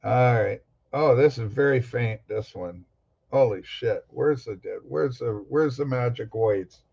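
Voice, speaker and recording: On a laid-back livestream about record collecting, a man answers his chat with rambling jokes and casual live-chat banter. His medium-pitched voice is a little slow, gravelly, slightly mellow, and breathy at the edges, captured with lo-fi sound.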